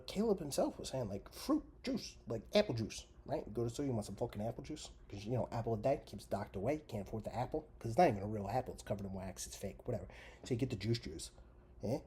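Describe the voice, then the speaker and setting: A man hosting a podcast, delivering a sarcastic, profane comedic rant that jumps from loud jabs to muttered asides. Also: mid-range voice, a little hiss or hum. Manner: animated, sarcastic, heavy swearing, trails into mutters and whispers. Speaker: podcast host.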